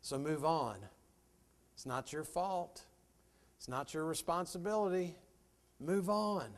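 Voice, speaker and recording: A man's voice: fairly high pitch, slow pace. A middle-aged man giving a folksy motivational talk to a live audience, telling stories and addressing listeners directly. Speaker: motivational speaker.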